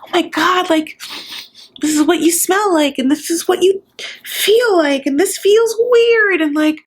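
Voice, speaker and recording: A woman's voice: extremely high pitch, measured pace, voice pushed up. A woman putting on the voice of a giddy, overwhelmed young woman meeting her love, gushing breathlessly. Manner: breathless, squealing gush.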